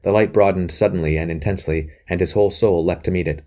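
A man narrating a historical novel, measured and earnest. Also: deep voice, fairly even intonation, mellow. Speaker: audiobook narrator. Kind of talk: scripted narration.

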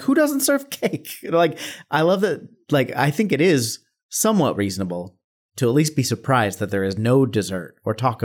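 A relaxed male podcast co-host talking casually at a middle pitch. He chuckles often and fills his talk with loose, conversational phrasing. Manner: relaxed, chuckling, uses "like" and "you know". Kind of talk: casual chat.

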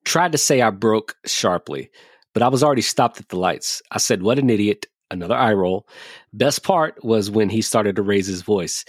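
A man's voice: fairly low pitch, expressive, normal speed, dry recording, studio quality. A man hosting a podcast in casual chat, joking loosely, swearing freely and laughing as he tells stories. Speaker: podcast host.

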